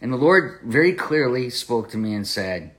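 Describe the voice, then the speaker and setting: A man's voice: medium pitch, very animated, moderate pace, a bit bright. A man hosting a Bible study podcast, telling a personal testimony in an earnest way and often restarting his words. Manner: earnest storytelling with frequent restarts. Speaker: podcast host and Bible teacher.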